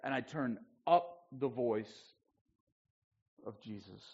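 A man preaching a sermon as pastor, chatting with the congregation and swinging from loud emphasis to hushed asides. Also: mid-range voice, slow pace, husky. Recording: dull lo-fi church recording.

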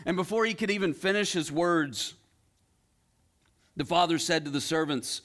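A male pastor preaching a sermon, retelling a story with rhetorical questions and dramatic pauses. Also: fairly high pitch, a bit bright.

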